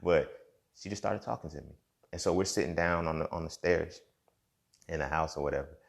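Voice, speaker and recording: Very deep, gravelly-voiced man talking it through. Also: fairly quick. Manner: conversational, repeats himself, frequent "you feel me". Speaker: podcast host. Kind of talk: reflective casual monologue.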